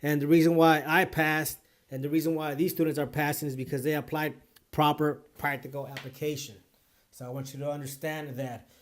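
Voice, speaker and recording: An emphatic man talking straight to his viewers as a bar exam tutor. His voice sits a little high, and he comes back to the same point more than once to stress it. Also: little pitch movement, brisk. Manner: earnest, emphatic, repeats points. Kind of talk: direct-to-camera talk.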